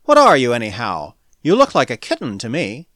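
A man voicing a blunt, tough male space adventurer who speaks in curt, forceful questions. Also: mid-range voice, wildly swooping pitch, brisk, no echo, studio quality. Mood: brusque. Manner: curt, brusque questions, louder than narration.

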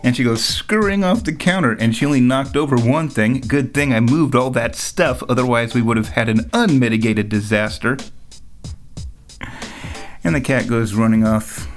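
A man telling a rambling, jokey story in a loose, casual monologue, and he laughs along as he goes. His voice sits at an ordinary middle pitch. Faint music plays underneath him. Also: moderate pace.

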